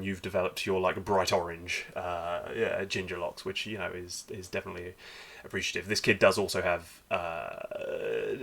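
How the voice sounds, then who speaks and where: A man narrating as game master, halting and filling with ums as he describes the scene. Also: low-pitched, bright, forceful tone. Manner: halting, many fillers and restarts.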